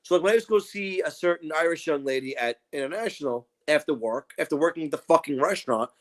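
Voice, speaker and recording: A man co-hosting a podcast, telling profane, animated stories in casual chat and acting out what people said. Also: on the high side, fast talker. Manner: profane, animated storytelling with acted-out quotes. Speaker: podcast co-host.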